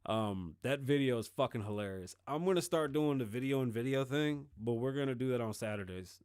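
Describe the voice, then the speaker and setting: A middle-aged man hosting his own show, talking loose and sarcastic, with plenty of swearing and the dry mouth of someone who says he is high. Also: fairly quick, darkish tone, clear, resonant tone, no room sound. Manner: loose, rambling, profane and sarcastic. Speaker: show host. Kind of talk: casual political commentary.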